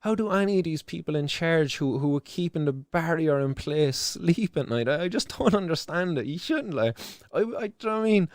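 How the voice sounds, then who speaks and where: Impassioned Irish man, slightly high voice. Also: lively intonation, moderate pace, darkish tone, no room sound, clean studio sound. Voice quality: fervent, swears freely, repeats words. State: emotional. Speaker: live news show host. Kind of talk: impassioned spoken commentary.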